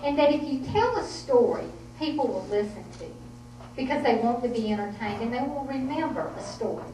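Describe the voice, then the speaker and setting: A woman's voice: on the high side, expressive, a little fast, warm tone. Folksy Southern woman telling stories. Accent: Southern American. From Southern United States. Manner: folksy, humorous storyteller. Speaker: author giving a talk. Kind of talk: storytelling talk. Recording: echoey room, distant mic, faint noise.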